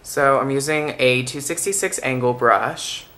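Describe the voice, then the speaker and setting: A man giving a makeup tutorial in a soft-spoken, chatty and playful way. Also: medium pitch, a little slow. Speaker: makeup vlogger.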